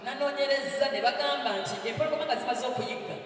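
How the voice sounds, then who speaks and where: Rapid-fire Ugandan church interpreter. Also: male voice, very high-pitched, a bit bright. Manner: rapid, echoing the preacher's phrasing. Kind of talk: live sermon interpreting. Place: large church hall. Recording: echoey hall from far off.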